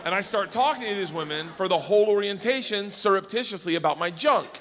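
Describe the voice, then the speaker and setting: A brash middle-aged comedian tells a profane stand-up story in a bright, forceful, fairly high voice. He breaks into excited yelling now and then. His words echo through a long hall reverb over a faint hum. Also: quick pace. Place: comedy stage.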